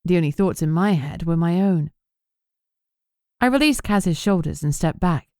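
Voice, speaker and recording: A woman reading an audiobook in measured, even scripted narration on a close mic. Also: on the low side, no echo.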